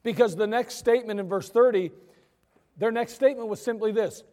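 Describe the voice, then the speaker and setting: A man preaching from the pulpit with a high, light voice and a loose, conversational delivery. His words trail off into a long church reverb. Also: a little fast. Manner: conversational, animated storytelling. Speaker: pastor. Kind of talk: sermon. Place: church sanctuary.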